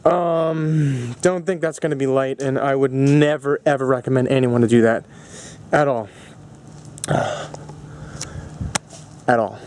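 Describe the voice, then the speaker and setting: A young man vlogging, telling a long personal story in a rambling way, full of fillers and restarts, with bursts of excitement. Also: medium pitch, unhurried, long pauses. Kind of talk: casual storytelling vlog.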